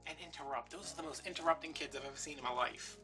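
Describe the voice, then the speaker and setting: A man's voice: fairly high pitch, fast talker. A man chatting in a rambling, filler-heavy way while he works on a craft project at home. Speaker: crafting YouTuber. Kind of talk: casual chat while crafting. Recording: distant mic with soft background music.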